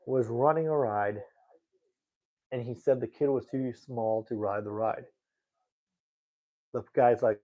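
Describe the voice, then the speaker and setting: A man's voice: mid-range voice, takes it slowly, long pauses. A young man livestreaming in a casual, rambling way, reading chat and talking indignantly. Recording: tinny phone-like audio.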